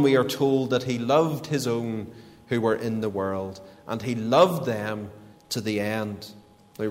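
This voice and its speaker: A man preaching a sermon, deliberate and emphatic, with a lot of repetition. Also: medium pitch. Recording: long reverb of a large hall.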